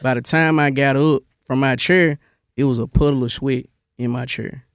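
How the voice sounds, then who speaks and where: A young man from Memphis, telling his army stories in a relaxed interview, with a lot of "bro" and many restarts. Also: mid-range voice, normal speed, clear, resonant tone, no room sound, clean studio sound. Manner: laid-back storytelling, lots of "bro" and restarts. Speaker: interview guest, army veteran. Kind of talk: casual interview.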